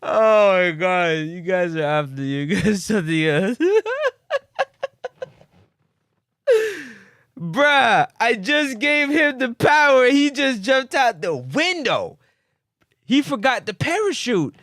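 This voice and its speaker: His voice is high and unhurried as he hosts a relaxed sports talk livestream, animatedly joking back and forth with his chat. The studio-quality recording has no echo.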